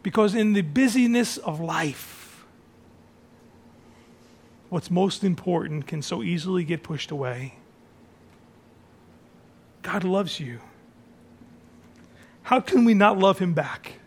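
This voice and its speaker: High-voiced pastor, soft then booming. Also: male voice, animated, slow, long pauses, husky. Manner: dramatic swings from soft near-whisper to raised, shouted phrases; repeats phrases for emphasis. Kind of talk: communion sermon.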